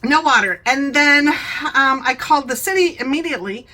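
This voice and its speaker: A woman's voice: high-pitched, expressive, normal speed, sharp tone, rough recording. A talkative woman hosting a home vlog, rambling chattily and laughing often. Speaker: vlogger, channel host.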